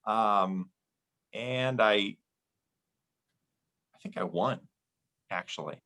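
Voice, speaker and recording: A man's voice: fairly low pitch, very slow, sharp tone, low-quality recording. Rambling man telling a story. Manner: rambling, lots of fillers and restarts. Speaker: podcast guest. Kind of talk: casual chat.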